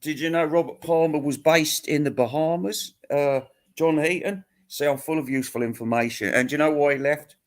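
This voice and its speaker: A man's voice: on the high side, fairly even intonation, brisk. A man hosting a rambling comic monologue, ranting crudely and laughing at his own jokes. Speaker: host answering viewer questions.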